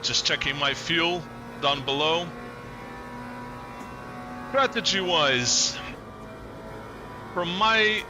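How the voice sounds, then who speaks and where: A man chatting live with viewers while racing, greeting them by name and talking through his driving as he concentrates. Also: fairly high pitch. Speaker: sim racing streamer. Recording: game stream with loud background music. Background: music in the background.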